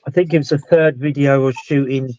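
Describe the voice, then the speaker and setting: A man's voice: medium pitch, steady tone, fairly quick, a little mellow, no room sound. A British man hosting a casual live paranormal chat, rambling and restarting his sentences. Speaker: paranormal investigator and show host. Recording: dull dry lo-fi sound.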